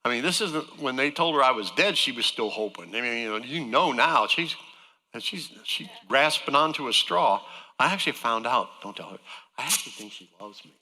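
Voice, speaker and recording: A man's voice: mid-range voice, lively intonation, fairly quick, pushed and bright, in a large hall. A man giving a folksy, joking personal testimony as a guest speaker to a church congregation.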